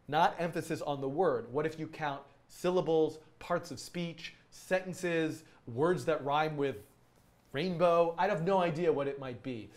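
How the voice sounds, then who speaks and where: A man's voice: a little high, darkish tone. A man hosting a casual coding live stream, talking students through project ideas in a rambling, enthusiastic way with many ums and restarts.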